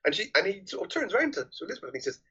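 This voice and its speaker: Lively, husky male co-host, bright tone, muffled lo-fi mic. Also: sits high, rapid-fire. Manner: animated, laughs often, acts out quotes. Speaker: podcast co-host. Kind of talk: casual film discussion. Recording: dull lo-fi mic.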